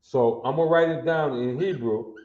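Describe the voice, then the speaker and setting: Detroit guy teaching a hebrew phrase, slow and slangy, echoey muffled room. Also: medium pitch, a little hiss or hum. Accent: Detroit African American Vernacular English. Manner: slow, repetitive, street-slang teaching with call-and-response questions. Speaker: language teacher. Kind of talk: teaching a Hebrew phrase class to an online group. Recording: echoey room, dull lo-fi sound.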